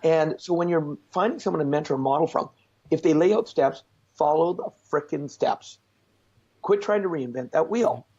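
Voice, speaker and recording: A man being interviewed as a success coach, telling stories in an animated, blunt way with mild swearing. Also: fairly high pitch, moderate pace, husky, lo-fi sound. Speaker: guest speaker, success coach. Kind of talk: storytelling in a conversational interview.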